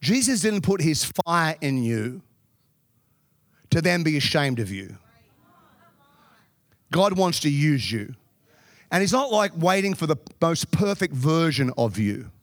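Guy preaching a sermon, jokey and lively, kinda high voice, dry close sound. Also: no echo. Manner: lively, joking preaching with quick asides. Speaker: pastor.

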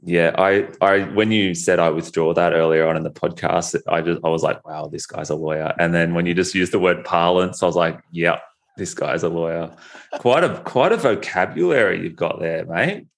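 A man with an Australian accent that drifts between posh and rough Newcastle, hosting a podcast in a relaxed, joking, blunt way. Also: low voice, moderate pace, few pauses. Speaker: podcast host, law firm marketing specialist. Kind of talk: casual podcast chat.

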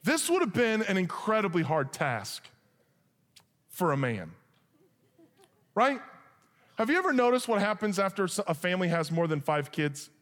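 A man preaching a sermon, telling a humorous story with lively asides and then reading scripture. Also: sits high, moderate pace, pauses often. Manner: animated, joking, shifts into acted voices for characters. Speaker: pastor. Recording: long hall reverb.

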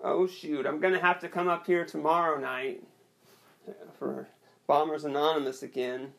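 A young man performing an awkward, rambling stand-up set with a hesitant, deadpan delivery and many restarts. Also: fairly high pitch, normal speed, creaky. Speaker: stand-up comedian.

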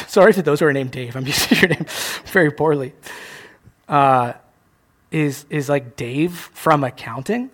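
Young guy pastor giving a sermon, kinda high voice, super animated, cracks jokes on himself. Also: a little slow, pauses often. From Canada. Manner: animated, acts out voices, self-mocking jokes.

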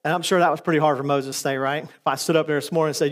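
A man with a high, light voice preaching a sermon. He retells scripture casually, stumbling over words and adding "uh" as he goes, then slipping into quick voices for the people in the story. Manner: retells scripture conversationally with fillers and acted quotes.

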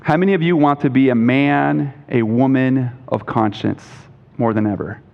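A man's voice: medium pitch, normal speed, creaky. A man preaching a sermon as a pastor, emphatic, quoting scripture with a rising voice and asking the congregation questions. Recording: dull lo-fi recording with long hall reverb.

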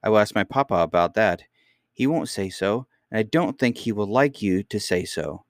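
A man voicing a young princess who speaks quietly and firmly in an audiobook reading. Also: lowish voice, animated, moderate pace, dry recording, clean studio sound. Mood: calm, firm. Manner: quiet, dignified, stubbornly composed. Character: young girl princess, calm and firm.

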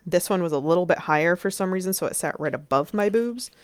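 A woman's voice: lowish voice, animated, fast talker, no room sound. A woman telling a story in casual chat, rambling, peppering her talk with "like" and swearing freely.

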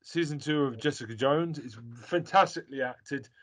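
A man hosting a casual chat over a video call, jokey and excitable, swearing freely. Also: a little high, normal speed.

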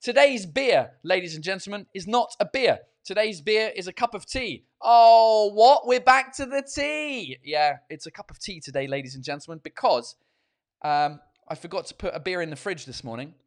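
A man's voice: a little high, expressive, brisk, dry recording, studio quality. A tired man, hosting his own podcast and livestream from his kitchen, rambling casually and swearing freely. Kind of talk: casual chat. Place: home kitchen at night.

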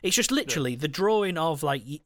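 A man's voice: a little high, fast talker, dry recording, studio quality. A man co-hosting a casual film chat, laughing and swearing as he retells scenes. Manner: laughing, swearing, animated storytelling. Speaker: podcast co-host.

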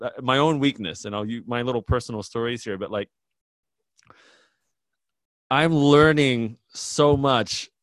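A man in his own casual interview, talking in a candid, rambling way that keeps circling back on itself. His voice sits at a middling pitch and sounds dry and close, with little room around it. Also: fairly bright tone, no room sound. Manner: candid, rambling, self-deprecating. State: tired new parent. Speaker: podcast host.

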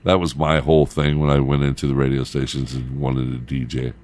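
A man's voice: a bass voice, flat delivery, brisk, a little mellow, slight background noise. A middle-aged man, a radio host and former DJ, telling loose stories in casual chat and laughing as he goes.

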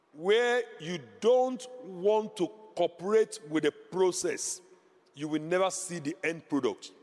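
A male pastor preaching a sermon, emphatic, repeating key phrases and rising to loud exclamations. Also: high voice, long reverb tail.

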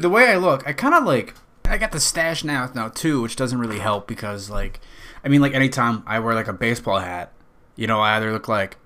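A man's voice: medium pitch, fairly bright tone. A young man hosting a podcast, rambling through a profane, self-mocking comedic monologue. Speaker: podcast host.

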